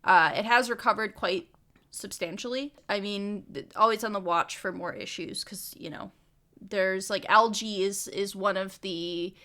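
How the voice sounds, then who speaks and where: A woman's voice: medium pitch, fairly even intonation, a little slow, sharp tone. A young woman co-hosting a casual research podcast, chatty with laughing asides and many fillers. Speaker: podcast co-host.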